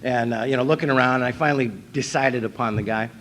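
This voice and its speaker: Man from North Dakota, convention storyteller, dry self-mocking humor, mid-pitched voice, faint background noise. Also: fairly even intonation, fast, a bit bright. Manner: wry, self-mocking, acts out his own thoughts. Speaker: recovery meeting speaker. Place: convention hall.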